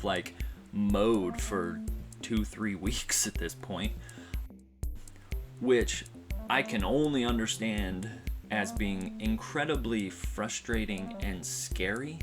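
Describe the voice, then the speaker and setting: A man telling a personal story in a vlog, in a rambling, heartfelt way with many fillers and restarts. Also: fairly low pitch. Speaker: vlogger. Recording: music playing behind.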